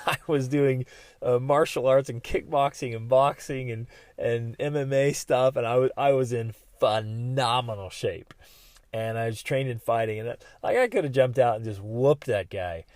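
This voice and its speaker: A middle-aged man hosting a podcast, telling personal stories in an animated way and acting out what people said. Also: medium pitch, normal speed, no room sound, studio quality. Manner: animated storyteller, acts out quotes loudly. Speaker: podcast host.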